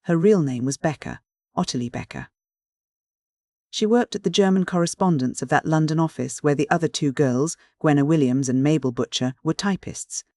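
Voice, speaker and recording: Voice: mid-range voice, normal speed, darkish tone, no room sound. Dry, close audiobook narrator. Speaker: audiobook reader.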